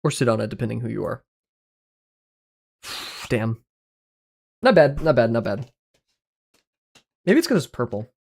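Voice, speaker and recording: A man's voice: mid-range voice, very animated, unhurried, gravelly, pauses often, darkish tone, slightly rough. A man streaming live, rambling through casual commentary, swearing freely, joking and laughing often.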